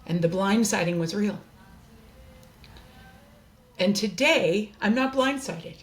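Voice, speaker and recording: A woman's voice: mid-range voice, lively intonation, slow pace, long pauses. A woman hosting a candid personal monologue from her desk, speaking in an earnest, open and heartfelt way. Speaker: host.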